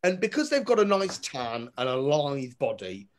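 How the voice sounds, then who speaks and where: A man doing a stand-up comedy routine, swinging between loud punchlines and muttered asides. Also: medium pitch, very animated, normal speed. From Britain. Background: audience laughter.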